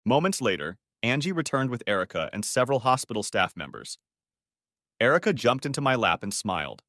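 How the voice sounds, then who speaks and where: A man's voice: medium pitch, sing-song, fairly quick, bright, forceful tone, dry recording, clean studio sound. A man narrating a first-person story audiobook in a wry, conversational way.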